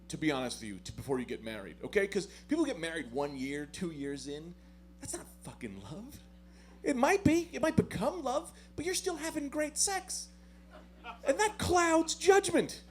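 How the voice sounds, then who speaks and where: A man doing a stand-up comedy set, telling self-deprecating stories in an animated way with loud swings. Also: extremely high pitch.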